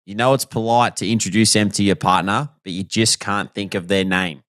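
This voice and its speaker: A relaxed Australian man co-hosting a podcast in easygoing, matey banter. His voice sits a little low. The recording is dry and close, with no room sound. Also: a little fast, no echo. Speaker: podcast co-host and footballer. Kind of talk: casual chat.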